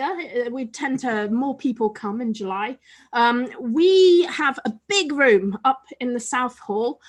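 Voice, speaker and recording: A woman co-hosting a relaxed chat show with a bright, high voice. She talks in a bubbly, chatty way, often restarting her sentences as she goes. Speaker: podcast co-host. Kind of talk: casual chat.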